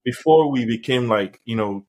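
A young man co-hosting a casual podcast chat, telling stories in an animated, playful way. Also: mid-range voice, normal speed, a crowd in the background. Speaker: podcast co-host.

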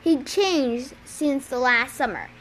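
High-voiced woman reading a book out loud, slow and steady, bit of hiss. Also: low-quality recording. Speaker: reader. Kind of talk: audiobook-style reading of a novel.

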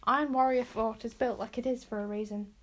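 A woman's voice: on the high side, steady tone, fairly quick, natural voice. A woman reading a brave, stubborn girl princess. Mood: frantic. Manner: urgent, determined.

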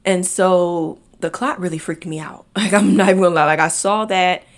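A woman's voice: lowish voice, fairly even intonation, normal speed. A young woman hosting a podcast, sharing a personal story in an emotional, chatty way and calling listeners "y'all.". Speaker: podcast host.

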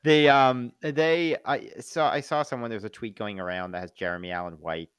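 A man's voice: medium pitch, fairly even intonation, normal speed, fairly bright tone, clean tone, no room sound, clean studio sound. A man in casual podcast chat, rambling with many fillers and restarts. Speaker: podcast co-host.

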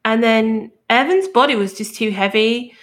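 A woman hosting a true crime podcast, telling the story in a casual, animated way and swearing now and then. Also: fairly high pitch, normal speed.

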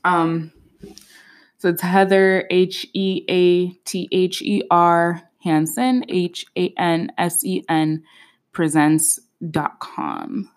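A woman's voice: fairly low pitch, slow pace. A woman in her twenties hosting a podcast on her own, chatting casually in a playful, slangy way with plenty of fillers and laughs. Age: 20s. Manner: chatty and expressive, laughs often. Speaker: podcast host. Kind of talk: casual solo chat.

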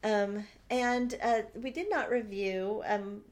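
A woman co-hosts a podcast, chatting casually and rambling with many ums and restarts. Her voice is medium-pitched and she speaks slowly.

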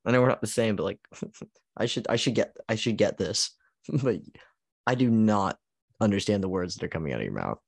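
A man's voice: on the low side, lively intonation, brisk, creaky, long pauses, husky, no room sound, clean studio sound. A man co-hosting a podcast in casual chat, laughing often and leaning on "like". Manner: laughs often, heavy use of "like". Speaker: podcast co-host.

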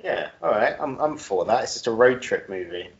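A man's voice: medium pitch, lively intonation, moderate pace, gravelly, muffled recording. A man co-hosting a podcast, chatting casually and playfully riffing on ideas. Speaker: podcast co-host. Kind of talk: casual chat.

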